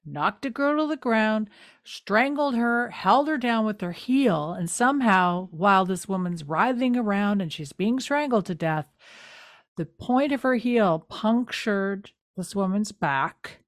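A woman co-hosting a podcast, animated and outspoken as she recaps a TV episode. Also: mid-range voice, a little slow, no room sound, studio quality. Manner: animated, exclaims and swears, acts out reactions. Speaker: podcast co-host. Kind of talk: casual chat recapping a TV episode.

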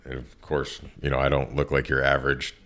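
A man in his thirties, a tattoo artist, telling a profane, animated story in a casual interview. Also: rumbling low, brisk.

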